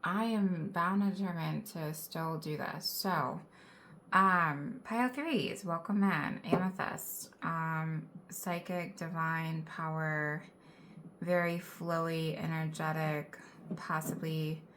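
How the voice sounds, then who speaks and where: A woman's voice: sits low, fairly even intonation, takes it slowly, a bit bright, slight background noise. A woman giving a casual tarot reading, chatty and encouraging, filling her talk with "like", recorded on a phone indoors. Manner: chatty and encouraging, many "like" fillers. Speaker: tarot card reader. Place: indoor room with a candle. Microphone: phone camera.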